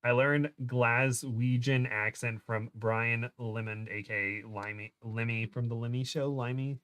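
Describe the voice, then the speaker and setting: A man's voice: mid-range voice, steady tone, a little slow, fairly bright tone, clear, resonant tone. A man with an American accent, chatting casually as a guest on a livestream, laughing often and trailing off mid-sentence. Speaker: guest co-host.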